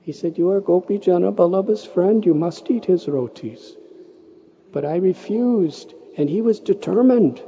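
A man from the United States, a monk, telling a personal story in a lecture, gentle and unhurried, rising to emotional raised voices when he quotes others. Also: high-pitched, lively intonation. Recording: dull, lo-fi lecture recording with faint noise.

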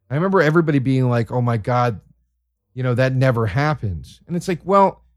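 A man's voice: on the high side, dry recording, studio quality. A man hosting a podcast, ranting in a casual comedic monologue with plenty of swearing and exasperation. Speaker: podcast host.

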